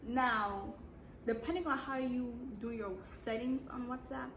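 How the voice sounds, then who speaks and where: A woman's voice: a little high, steady tone, measured pace. A young woman with a Jamaican accent telling a storytime vlog, blunt and sassy with slangy asides and dramatic repeats. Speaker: vlogger. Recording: echoey room with background noise.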